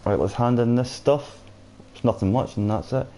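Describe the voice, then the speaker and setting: A man's voice: mid-range voice, moderate pace, warm tone. A man casually chatting with viewers while streaming a game, reading out their comments as he plays. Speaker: gaming streamer. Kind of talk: casual live-stream chat.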